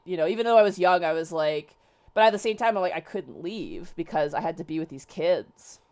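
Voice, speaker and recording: A young woman with a low voice tells a story in casual chat. She rambles, restarts her sentences and leans on filler words. She talks as a streamer host. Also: lively intonation, a little fast, darkish tone.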